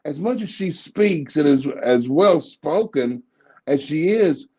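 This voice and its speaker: A man's voice: on the high side, lively intonation, takes it slowly, darkish tone, husky, highs cut off. A man with a Southern accent co-hosting a casual political chat show. He talks bluntly, often stammering and restarting his sentences. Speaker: co-host, cartoonist.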